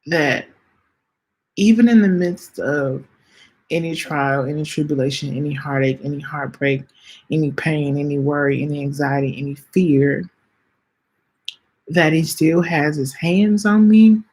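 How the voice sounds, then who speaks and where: A woman in her late twenties hosts a podcast and talks slowly and earnestly, on the edge of tears. Her voice is husky and a little breathy, and she stops, restarts and repeats herself as she speaks straight to her listeners. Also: deep voice, a little mellow. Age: late 20s. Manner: halting, earnest, repeats phrases, addresses listeners as y'all. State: close to tears. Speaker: podcast host. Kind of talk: heartfelt personal reflection.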